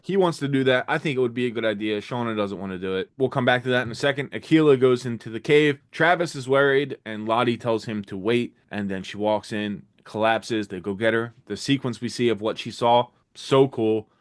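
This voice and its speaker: A young man co-hosting a casual TV recap chat, talking quickly and enthusiastically and swearing freely. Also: medium pitch. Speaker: podcast co-host.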